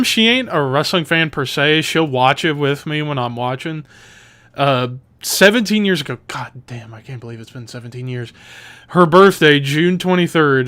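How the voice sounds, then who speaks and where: A man's voice: a little high, normal speed, fairly bright tone, smooth. A man co-hosting a podcast, telling an easygoing story in casual chat. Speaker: podcast co-host.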